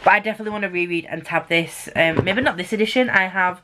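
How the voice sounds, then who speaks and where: A woman's voice: on the low side, fast, noisy background. A young woman chatting casually and enthusiastically about books she read, with playful asides. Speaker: book vlogger. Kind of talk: casual book wrap-up chat.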